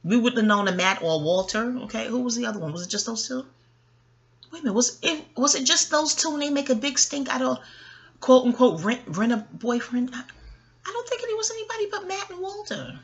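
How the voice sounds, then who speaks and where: A woman's voice: fairly high pitch, expressive, fairly quick, husky. A woman giving a casual, rambling review of a reality TV episode, chatty and profane, with frequent asides to the listener. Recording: faint background noise.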